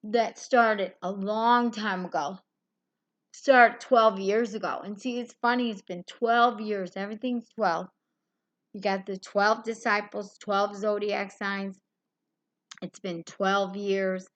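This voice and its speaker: A woman's voice: mid-range voice, fairly even intonation, takes it slowly, muffled recording. A woman on a live stream, delivering a furious, rambling rant full of swearing.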